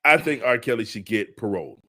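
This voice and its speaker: Animated man co-hosting a podcast. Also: medium pitch, brisk. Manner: animated, repeats himself, laughs often. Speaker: podcast co-host. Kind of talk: casual chat.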